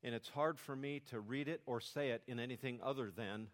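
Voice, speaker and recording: A man's voice: mid-range voice, brisk, few pauses, fairly bright tone, long reverb tail. Older male pastor preaching a sermon. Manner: calls children to repeat sermon points.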